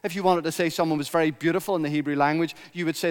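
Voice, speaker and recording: A man's voice: on the high side, steady tone, fast talker, few pauses, clear, resonant tone, long reverb tail. A man preaching a sermon in a church, emphatic and building his points through repetition.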